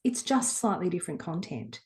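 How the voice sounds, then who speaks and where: A teasing female assistant in her own everyday voice, half laughing, half scolding, quoted by a woman telling a story. She sounds incredulous and a little lifted in pitch. She is friendly but firm as she pushes back. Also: lively intonation, moderate pace, lightly acted. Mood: amused, chiding. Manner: incredulous, chiding.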